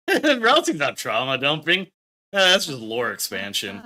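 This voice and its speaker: A man's voice: fairly high pitch, huge pitch swings, slow pace, pushed and bright. A man streaming a game live, joking and laughing often as he comments and reads dialogue aloud. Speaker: gaming streamer. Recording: faint game music behind.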